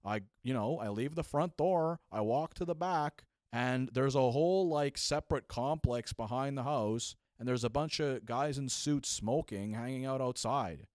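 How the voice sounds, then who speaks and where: Young male storyteller, casual and animated, acts out voices, dead-dry recording. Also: medium pitch, moderate pace, hardly any pauses, no room sound. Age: young adult. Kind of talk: comedic storytelling.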